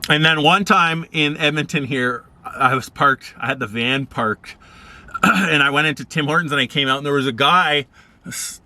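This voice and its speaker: Laid-back male vlogger rambling through anecdotes, bright tone. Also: normal speed. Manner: rambling, laid-back, acts out quoted people in higher voices. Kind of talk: casual storytelling.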